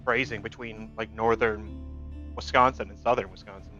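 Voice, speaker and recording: A bright, forceful male voice, holding forth confidently like he's giving a small lecture between rounds. The sound is dull and lo-fi, with faint music playing underneath. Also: fairly low pitch, fairly even intonation, moderate pace. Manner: explains at length, confident lecturing tone. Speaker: gamer chatting with friends. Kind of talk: casual chat. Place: home gaming setup, voice chat.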